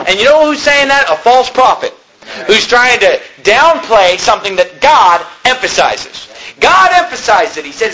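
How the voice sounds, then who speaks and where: A man preaching a fiery sermon, rising to shouts at his peaks and dropping to a conversational tone for stories. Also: sits high, very animated, measured pace, a little hiss or hum, poor audio. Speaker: pastor.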